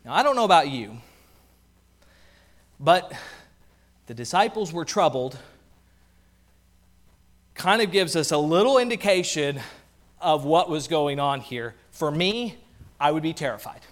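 A male pastor preaching a sermon, animated, with playful asides and acted-out quotes. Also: fairly high pitch, unhurried, pauses often.

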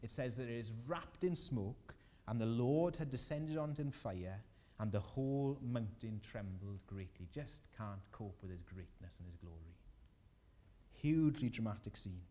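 A man preaching a sermon in a church hall, lively and emphatic, often asking his listeners questions. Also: on the low side, moderate pace.

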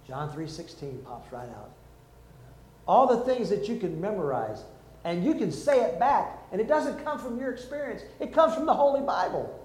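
A man's voice: high voice, normal speed, echoey room, poor audio. An older man preaching a sermon, telling stories and acting out the people in them. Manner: lively storytelling, acts out quotes. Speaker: preacher, former army chaplain.

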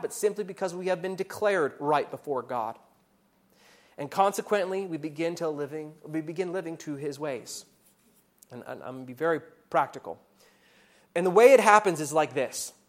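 High-voiced earnest man preaching. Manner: earnest preaching, voice rising into loud accusing passages and dropping low and soft. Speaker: pastor. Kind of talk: sermon.

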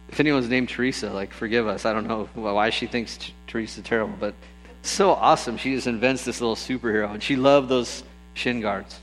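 A man preaching a sermon, telling stories with lively bursts and acting out the people in them. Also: mid-range voice, a little fast, faint music behind, rough recording. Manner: lively storytelling, acts out voices with bursts of excitement. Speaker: pastor.

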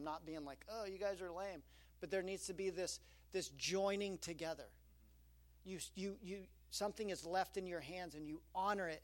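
A middle-aged man preaching a sermon as pastor, telling stories with quoted asides. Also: sits high. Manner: animated storytelling with quoted asides.

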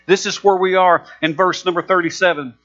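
Male preacher, high bright voice, emphatic sermon delivery, muffled recording with hum. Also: steady tone, a little fast. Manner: emphatic, repetitive preaching with rising fervor.

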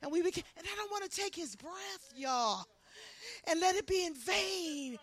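A woman preaching a sermon with passion, swinging from loud, shouted lines to hushed ones. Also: very high-pitched, lively intonation, moderate pace.

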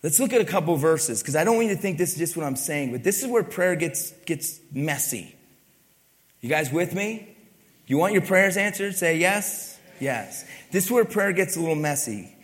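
The long reverb of a church hall surrounds this pastor as he preaches, asking the congregation questions and stressing his points. He speaks with a fairly high, animated voice at a moderate pace.

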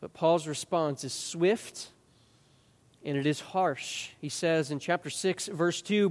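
A man with a notably high voice preaches an expository sermon as pastor. He is earnest and emphatic, doubling words as he restarts a thought. His voice rings with the long reverb of a large church sanctuary. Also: takes it slowly.

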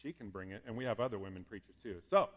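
A male pastor giving a sermon in a lively, conversational way, with asides and fired-up moments. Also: on the low side, rapid-fire, lo-fi sound. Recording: long reverb in a hall.

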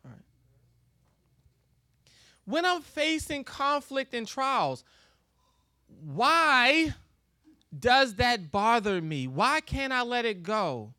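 A man preaching, chatty and easygoing as he delivers his sermon. His voice is bright and his pitch moves animatedly. The sound is dry and close. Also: big pitch swings, very slow, long pauses, dry recording. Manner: conversational, laughs often, acts out quoted exchanges. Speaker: pastor.

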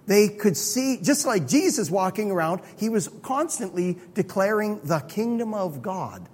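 A man preaching a sermon in a conversational, animated way. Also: high-pitched, unhurried, breathy edge. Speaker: pastor. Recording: long hall reverb.

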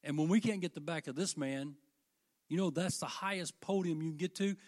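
A man preaching a sermon, swinging from loud declarations to hushed questions and reading scripture slowly with weight. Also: on the high side. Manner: reads scripture in slow, drawn-out emphasis.

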